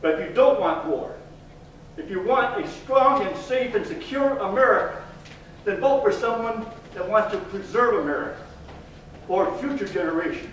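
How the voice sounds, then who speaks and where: A man's voice: high voice, expressive, normal speed, a little hiss or hum. A man in his sixties giving a fiery, emphatic campaign speech as a congressional candidate at a public forum. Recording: echoey hall from far off.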